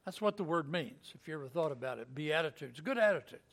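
A man's voice: fairly high pitch, animated, fast. A man preaching a sermon to his congregation, explaining scripture in a folksy way with joking asides and chuckles.

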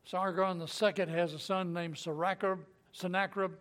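High-voiced man retelling Bible stories. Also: normal speed. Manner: folksy, animated retelling with acted quotes and chuckles. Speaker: Bible teacher. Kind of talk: conversational Bible storytelling.

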